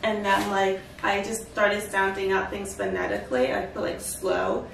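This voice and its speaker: Animated woman with a gravelly voice. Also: medium pitch, normal speed. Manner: chatty, animated storytelling with asides and laughter. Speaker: vlogger and fashion designer. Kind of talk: casual storytelling to camera. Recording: echoey room, distant mic, background noise.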